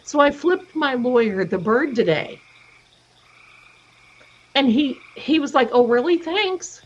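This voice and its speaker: On a livestream recorded in dull lo-fi audio, a middle-aged woman chats and tells stories, putting on voices for the people she quotes. She speaks slowly in a high, animated voice with a breathy edge.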